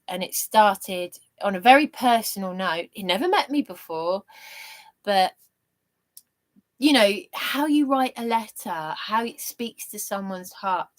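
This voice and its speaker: A middle-aged woman from England speaks slowly in a meandering personal monologue. She stops and restarts often and leans on fillers. When she turns to faith she grows earnest and fervent. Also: mid-range voice. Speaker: vlogger.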